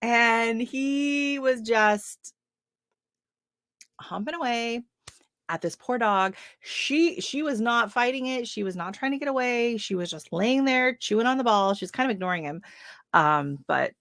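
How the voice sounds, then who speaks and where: A Canadian woman in her thirties hosts a casual gardening livestream from home into a webcam, telling stories with many fillers and laughing often. Her voice is a little high, animated and fairly bright at a measured pace, with studio quality and no echo.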